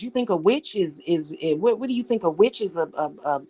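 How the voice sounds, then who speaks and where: A woman's voice: on the low side, expressive, brisk, few pauses, dark tone, slightly rough. A woman vlogger delivering an angry, profane rant straight at someone, repeating her words as she talks. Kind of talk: angry direct-address rant.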